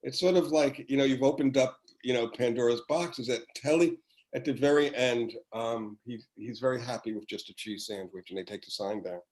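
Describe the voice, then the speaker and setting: Over a rough recording, the same former children's TV writer speaks at medium pitch and a little fast. As a podcast guest in casual chat, he spins warm, rambling stories full of restarts.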